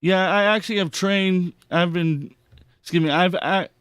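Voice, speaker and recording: A man hosting a podcast, reacting to clips in an excitable, heavily profane rant. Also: high-pitched, moderate pace, clean tone, dry recording, clean studio sound. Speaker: podcast host. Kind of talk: casual commentary on clips.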